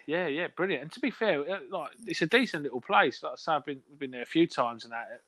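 A man's voice: a little high, fast talker, fairly bright tone, no room sound. A man, co-hosting a podcast, teasing a friend in cheeky casual banter. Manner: cheeky, teasing, laughs along. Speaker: podcast co-host.

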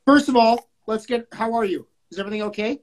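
A woman's voice: a little high, fast talker, low-quality recording. A woman from Canada co-hosting a poetry show over a video call, talking in a laid-back way and swearing casually. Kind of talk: casual chat.

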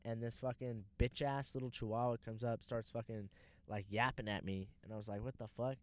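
A man's voice: medium pitch, steady tone, brisk. A man in casual podcast chat, crude and slangy, telling stories with lots of "like" and swearing. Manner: crude, slangy, blunt jokes.

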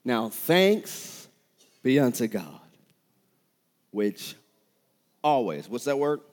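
A man preaching a sermon as pastor, with impassioned delivery that builds to shouted peaks. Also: medium pitch, sing-song, drawn-out words, big-room sound.

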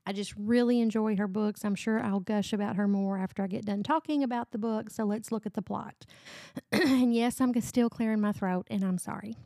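A woman's voice: medium pitch, warm tone, dry recording, clean studio sound. A middle-aged woman hosting a book review podcast, chatting casually and gushing about the books she loves. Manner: gushing, enthusiastic.

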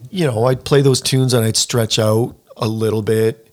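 A man in his fifties, a professional pianist, chatting casually and telling a lively anecdote. He acts out other people's lines and says "like" a lot. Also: mid-range voice, moderate pace. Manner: animated storyteller who acts out other people's lines, heavy use of "like". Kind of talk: casual conversation, storytelling.

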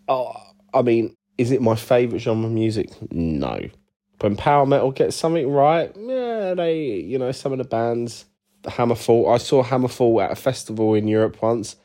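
A man, a band's singer and bassist, answering interview questions in rambling, sweary, self-deprecating banter. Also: moderate pace, mellow. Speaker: band bassist and lead vocalist, interview guest.

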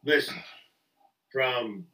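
A man's voice: mid-range voice, extremely slow, pushed and bright, recorded from a distance. A middle-aged man from the Midwest hosting a podcast, profane and rambling, laughing often. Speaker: podcast host. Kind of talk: casual chat. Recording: echoey room, off-mic.

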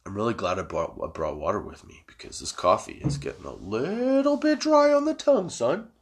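A man hosting his own podcast, rambling in a casual, profane, self-mocking way after staying up all night high. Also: huge pitch swings, fairly quick. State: sleepless and high. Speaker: podcast host.

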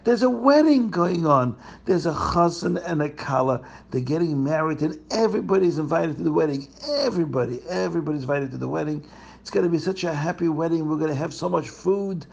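A man voicing a cheerful townsman who gushes with excitement. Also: a little high, brisk, gravelly, dull audio. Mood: excited. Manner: excited, gushing.

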